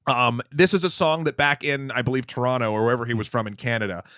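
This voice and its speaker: A man co-hosting a movie podcast, chatting casually and telling stories in a rambling, animated way. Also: mid-range voice, fast, no echo, clean studio sound. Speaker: podcast co-host. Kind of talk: casual chat.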